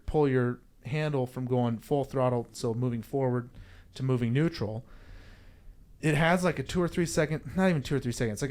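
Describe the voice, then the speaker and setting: Man telling a story in a rambling way. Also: mid-range voice. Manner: animated, rambling, with restarts and self-corrections. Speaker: podcast guest. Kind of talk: casual storytelling.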